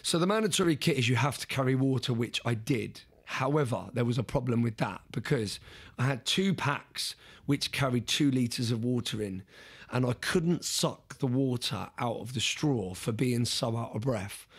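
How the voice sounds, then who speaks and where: A man's voice: mid-range voice, normal speed, breathy edge. A young man, a podcast guest, telling an earnest story in conversation, often restarting and repeating words.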